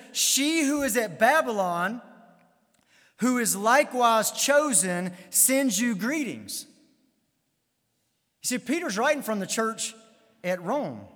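A man's voice: high-pitched, fairly bright tone, big-room sound. A man preaching a sermon as pastor, emphatic, repeating key phrases with some stammered restarts.

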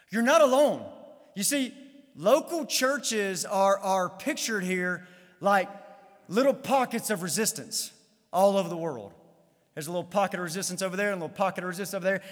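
A man's voice: high voice, a bit bright, in a large hall. A man preaching a sermon as pastor, emphatic, repeating key phrases with some stammered restarts.

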